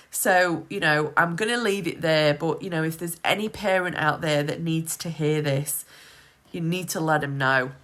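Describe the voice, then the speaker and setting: A woman's voice: deep voice, sharp tone. A woman, a single mother talking to camera in a heartfelt casual vlog, emphatic and determined, with many "you know" fillers and close to tears.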